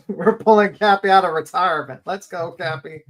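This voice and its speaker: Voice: mid-range voice, normal speed, a bit bright, soft background music. A co-host on a casual livestream panel who talks in a rambling, joking way.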